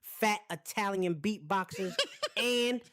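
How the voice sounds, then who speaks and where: AI voice of a brash mobster bot. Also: male voice, high voice, slow, a crowd in the background. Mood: swaggering. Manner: boastful, profane, hyped-up. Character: brash male AI mobster chatbot. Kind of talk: comic AI character banter.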